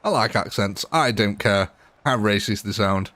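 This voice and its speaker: A man's voice: on the low side, normal speed, pushed and bright, no room sound. A man hosting a live gaming stream, blunt and joking, laughing often. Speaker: gaming livestream host. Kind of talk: casual live commentary.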